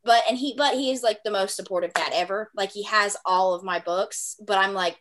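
Chatty lady podcast host, laughs a lot, says like constantly, middle pitch. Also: brisk, hardly any pauses, a bit bright. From small town. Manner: chatty, lots of "like" fillers, laughs easily. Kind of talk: casual chat.

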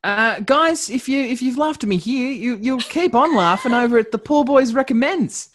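A man's voice: extremely high pitch, lively intonation, moderate pace, a bit bright, a little hiss or hum. A man co-hosting a casual podcast, talking in an easygoing, self-deprecating way with frequent restarts. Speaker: podcast co-host.

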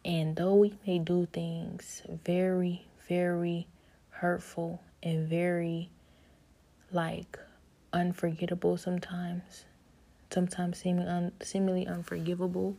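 A woman reflecting on a personal story in loose, informal speech, earnest and unhurried. Her voice sits a little low, stays fairly level in pitch, and sounds mellow and warm. She often drops to a soft whisper. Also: monotone, vocal fry. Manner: casual, informal grammar, earnest.

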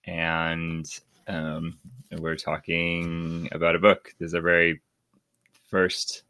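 A man's voice: sits low, completely flat delivery, slow pace, pushed and bright, clean tone, no echo. A man in his thirties hosting a casual book-club podcast, rambling with many restarts and laughing often. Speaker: podcast host.

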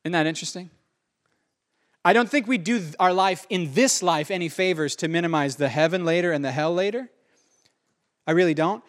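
Earnest high-voiced male preacher. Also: a little fast, long pauses. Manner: earnest, conversational preaching with repeated phrases. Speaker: pastor. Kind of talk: sermon.

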